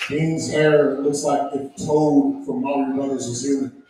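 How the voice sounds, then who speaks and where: A man's voice: medium pitch, steady tone, unhurried, background noise. A man hosting an open mic and doing loose, cursing stand-up in a small club. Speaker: open mic host and comedian. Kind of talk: stand-up comedy. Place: small comedy club stage. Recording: very echoey room, far from mic.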